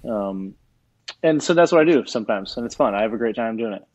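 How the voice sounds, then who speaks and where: A man with a fairly low voice tells a story in a casual interview and acts out the other people in it. The sound is dry and a little dull, like a lo-fi remote line. He is a chef from Hawaii. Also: lively intonation, quick pace, a little mellow, no room sound. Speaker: chef and guest.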